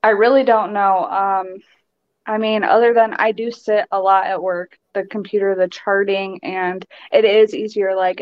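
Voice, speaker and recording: A woman being interviewed as a guest, telling her story in an animated, chatty way and laughing often. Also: medium pitch, no room sound. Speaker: nurse and guest. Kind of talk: casual interview chat. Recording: dull, dry recording.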